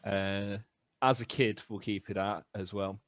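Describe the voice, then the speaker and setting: Man, young adult, British, low voice, casual podcast storytelling, animated, dry sound. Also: measured pace, no room sound. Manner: animated anecdotes with laughs and acted-out voices. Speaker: band member podcast host.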